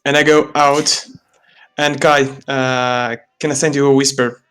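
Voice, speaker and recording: A man's voice: mid-range voice, level tone, a little slow, fairly bright tone, clean tone. Man playing a tabletop game. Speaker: player.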